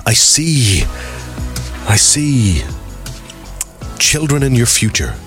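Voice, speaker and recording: A man voicing a female fortune teller in a slow, portentous manner. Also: medium pitch, big pitch swings, over music, pitched above the performer's own voice. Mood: mystical.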